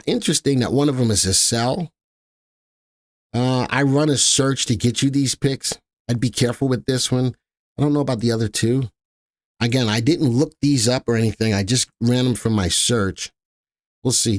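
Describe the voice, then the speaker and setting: A man's voice: medium pitch, no echo. Chatty man hosting a live market stream. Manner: chatty, thinks aloud, reads ticker letters slowly. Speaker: stock market show host.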